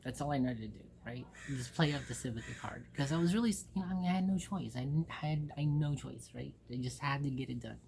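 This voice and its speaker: A woman's voice: a bass voice, fast talker, creaky, hardly any pauses, a little mellow, slight background noise. A woman in her forties from Ohio, hosting her own show and telling personal stories in a rambling, candid way, swearing freely and acting out what people said. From Ohio, USA. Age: 40s. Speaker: host. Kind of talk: casual personal storytelling.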